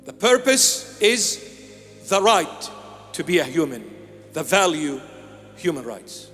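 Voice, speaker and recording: A man from Iraq delivers a sermon in a high voice, solemn and emphatic. He speaks in short, measured lines and leans on repetition. Faint music sits under the long reverb of a large church. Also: very animated, fairly bright tone. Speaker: bishop preaching.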